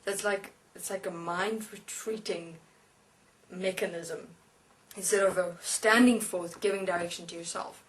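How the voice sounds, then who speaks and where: A woman giving a spiritual lecture as a channeled being, speaking slowly and deliberately with halting pauses. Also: on the low side, steady tone. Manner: slow, halting, deliberate instruction. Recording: voice distant from the mic.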